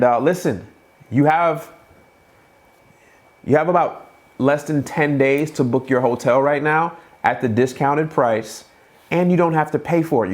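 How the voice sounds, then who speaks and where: Hyped man with a Boston accent. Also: mid-range voice. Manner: hyped, repetitive, quick restarts. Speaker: host of a live Q&A stream. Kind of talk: casual live-stream promotion.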